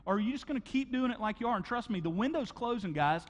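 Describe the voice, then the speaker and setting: A man preaching a sermon as pastor, conversational and animated, acting out stories with sound effects. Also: high-pitched, quick pace, in a large hall. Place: church auditorium.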